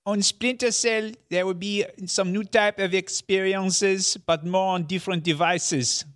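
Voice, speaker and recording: A man doing an impression of a French-accented male game company boss, speaking slowly and formally. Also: high-pitched, fairly even intonation, fairly bright tone, pitched above the performer's own voice. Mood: earnest. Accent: French (put on). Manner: slow, halting, formal phrasing.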